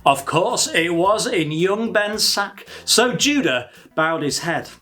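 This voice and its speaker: Chatty, animated English woman presenter. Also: on the low side, slow, soft background music. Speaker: children's ministry presenter. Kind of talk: casual recap and rhyming story reading for kids.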